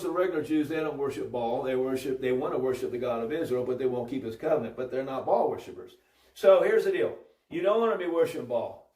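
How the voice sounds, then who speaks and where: A man telling a Bible story in an informal preaching style, animated and full of restarts. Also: a little high, far from the mic. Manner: animated, acts out voices, many restarts. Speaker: religious storyteller. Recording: roomy audio from off-mic.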